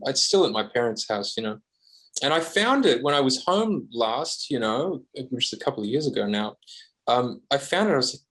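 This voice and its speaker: A man's voice: mid-range voice, expressive, brisk, fairly bright tone, husky. A man with an Australian accent, a guest guitarist on a podcast, talking casually and self-deprecatingly with lots of fillers and restarts.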